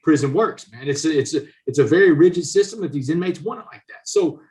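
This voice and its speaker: A man's voice: fairly high pitch, lively intonation, fast, a little mellow. A man, a podcast guest telling a story casually and animatedly, saying "man" in nearly every sentence. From Southeast Texas, USA. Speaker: podcast guest, author and speaker.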